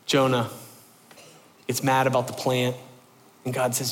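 A man preaching a sermon in an animated, conversational way, stressing points by repeating them. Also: mid-range voice, unhurried, pauses often, long reverb tail. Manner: animated, conversational, emphatic repetition.

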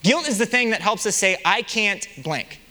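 A young man preaching with a high, bright voice that swings up and down with energy. He tells a story and asks his listeners questions as he goes. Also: normal speed, long reverb tail. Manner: animated storytelling with rhetorical questions. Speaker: pastor. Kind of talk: sermon.

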